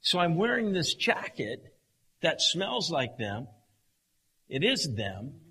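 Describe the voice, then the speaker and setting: Animated, slow-speaking male preacher. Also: a little high, slightly rough. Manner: dramatic, swings from hushed to shouting. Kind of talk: sermon with acted illustration.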